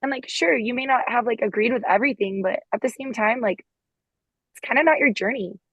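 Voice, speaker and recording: Young woman, ex-therapist, husky, dry close sound, rambles with lots of "like.". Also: a little high, a little fast, a bit bright, no room sound, rough recording. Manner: rambling, many "like" fillers. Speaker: panelist, former therapist. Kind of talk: casual discussion.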